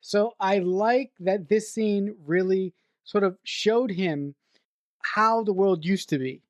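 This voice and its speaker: A woman co-hosting a podcast in casual film-review chat, excitable, swearing freely and often stumbling over her words. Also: mid-range voice, slow pace, no echo. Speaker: podcast co-host.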